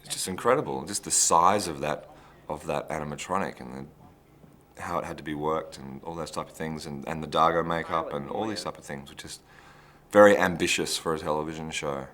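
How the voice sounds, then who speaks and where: A man's voice: a bass voice, brisk, a bit bright. A man, an actor telling behind-the-scenes stories in a chatty, rambling way. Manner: chatty, anecdotal, restarts phrases. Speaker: actor interviewee.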